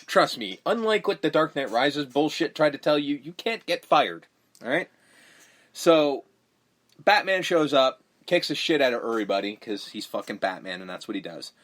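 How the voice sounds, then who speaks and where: A man's voice: on the high side, moderate pace. A man co-hosting a podcast, chatting casually about a film, swearing freely and acting out its lines. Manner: animated, profane, acts out movie lines. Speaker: podcast co-host. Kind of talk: casual movie-review chat.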